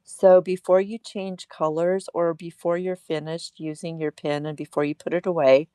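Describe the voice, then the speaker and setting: A woman's voice: lowish voice, level tone, normal speed, warm tone, smooth, no echo. A woman hosting a casual livestream craft demo at her table, chatty and laughing at herself.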